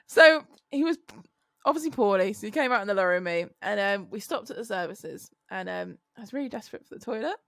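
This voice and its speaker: Bright, lively British woman telling stories. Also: medium pitch, brisk, no room sound, clean studio sound. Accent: British English. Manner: animated storyteller, laughs often, swears freely. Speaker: podcast co-host, lorry driver. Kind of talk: casual chat.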